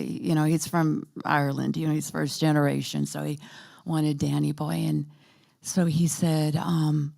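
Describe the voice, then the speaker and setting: A woman in her fifties or sixties giving a personal testimony at a church, halting and soft-spoken, with many pauses and fillers. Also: low voice, vocal fry. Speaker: church panel speaker.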